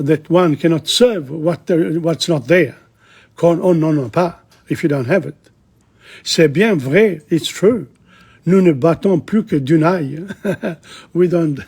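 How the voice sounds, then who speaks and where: A man teaching a language lesson, reading a dialogue line by line and translating it, chatty and halting with frequent asides. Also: on the high side, creaky, darkish tone, slightly rough.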